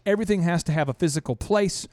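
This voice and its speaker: Male show host, high and bright-sounding, energetic, animated storyteller, dry close recording. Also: quick pace, dry recording. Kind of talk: upbeat radio-style show hosting.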